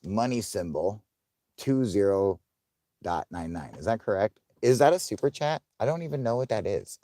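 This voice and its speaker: A man's voice: lowish voice, lively intonation, normal speed, no echo, clean studio sound. Profane, laughing male livestream host. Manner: profane, laughing, thanks viewers loudly. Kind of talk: casual livestream chat.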